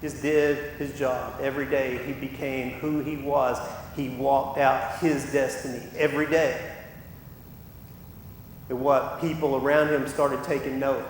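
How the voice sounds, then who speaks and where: A man's voice: level tone, a little slow. A man preaching a sermon as pastor, impassioned and given to acting out what people say. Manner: impassioned, acts out quoted voices. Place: church sanctuary. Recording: echoey church hall with rumble.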